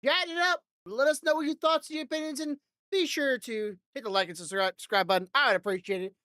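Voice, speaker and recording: High-voiced and quick, with a sharp tone, the woman hosting this podcast rambles through casual chat, swearing without restraint and laughing frequently into a desk microphone. The sound is clean studio quality with no echo.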